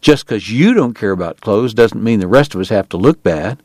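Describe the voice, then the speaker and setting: A man voicing a brash, defensive young frontier sheriff in an audiobook, with a high, excitable voice. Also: no room sound, clean studio sound. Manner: defensive and quick to snap.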